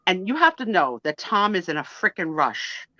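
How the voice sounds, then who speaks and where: Lively, bright-voiced middle-aged woman storyteller. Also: lowish voice, normal speed, dry recording, lo-fi sound. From United States. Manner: animated, laughing, acts out quoted lines. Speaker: host. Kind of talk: casual live-stream storytelling.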